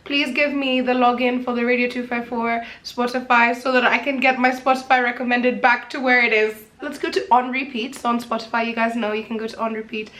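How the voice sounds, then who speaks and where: A woman's voice: a little fast, hardly any pauses. Chatty, giggly young woman vlogger. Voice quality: giggly, laughs often mid-sentence. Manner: chatty and animated, bursts into high laughter. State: briefly teary. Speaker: radio host and vlogger. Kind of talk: casual Q&A chat to camera.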